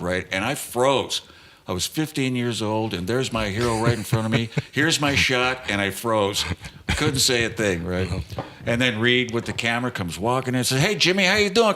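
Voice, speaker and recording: A guest guitarist in his sixties tells an animated story in casual conversation, acting out the voices of the people in it. His voice is lowish, with slight background noise.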